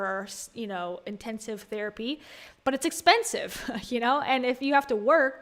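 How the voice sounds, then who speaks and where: A woman's voice: a little high, fairly bright tone. A woman giving casual livestream commentary on a podcast, chatty and exasperated, reading viewer comments aloud.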